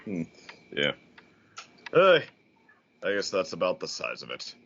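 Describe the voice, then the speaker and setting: A man's voice: low voice, wildly swooping pitch, unhurried, pushed and bright, highs cut off, a little hiss or hum. A man hosting a casual discussion podcast, rambling along with many fillers and restarts. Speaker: podcast host.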